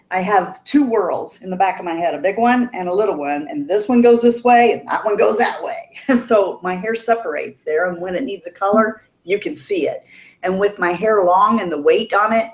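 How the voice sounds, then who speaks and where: A middle-aged woman chats casually on a livestream, telling stories with frequent laughs and lively quoted voices. Her voice sits at an everyday pitch, and the room adds a noticeable echo. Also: moderate pace. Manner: chatty, laughs often, animated quoting. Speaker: guest on a livestream. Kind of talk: casual storytelling chat.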